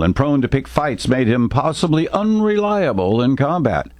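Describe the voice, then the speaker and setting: A man's voice: mid-range voice, no room sound. Man narrating a war story, dry recording. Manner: measured storytelling, voicing characters lightly.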